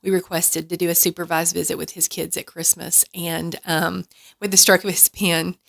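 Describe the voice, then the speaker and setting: A woman's voice: fairly low pitch, little pitch movement, moderate pace, vocal fry, fairly bright tone. A woman guest on a radio talk show, telling a story earnestly with many restarts. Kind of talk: casual radio chat.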